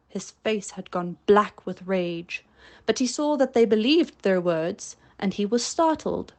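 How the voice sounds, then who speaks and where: Slow-reading woman narrator. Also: mid-range voice, expressive, a little mellow. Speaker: audiobook reader. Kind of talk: storybook narration.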